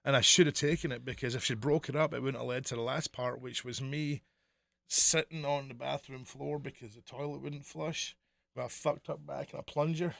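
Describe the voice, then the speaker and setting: Man, mild Scottish accent, podcast co-host, animated, swears a lot, dry sound. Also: mid-range voice, moderate pace, gravelly, no room sound. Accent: mild Scottish, Americanized. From Scotland. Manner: animated storyteller, profane. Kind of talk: casual chat.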